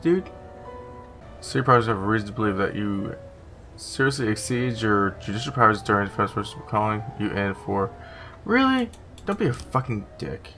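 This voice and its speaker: A man with a bright, sharp voice talks through a video game session in a casual, profane way. He reads the on-screen text aloud and drops sarcastic asides between the lines. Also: on the low side, animated, brisk, vocal fry, soft background music. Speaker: gaming YouTuber. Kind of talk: casual gaming commentary.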